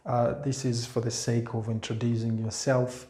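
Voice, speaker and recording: A man's voice: medium pitch, level tone, moderate pace, warm tone. A man teaching a spoken language lesson, repeating words patiently and pointing to written examples. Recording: echoey room.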